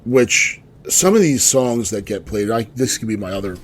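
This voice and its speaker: A man's voice: on the low side, expressive, moderate pace. A man co-hosting a podcast in casual chat, telling loose, rambling stories. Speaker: podcast co-host.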